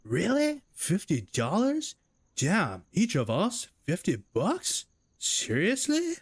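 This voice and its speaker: A man voicing an excitable young male football player in a loud, high jock voice. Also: measured pace, no echo, clean studio sound, close to an everyday voice. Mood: excited.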